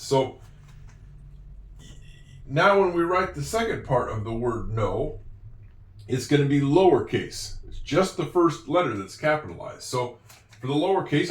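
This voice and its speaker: Far from the mic in an echoey room, a medium-pitched male teacher gives a careful, step-by-step handwriting lesson. Along the way he slips in a few jokes at his own expense, and his voice sounds a bit off-mic.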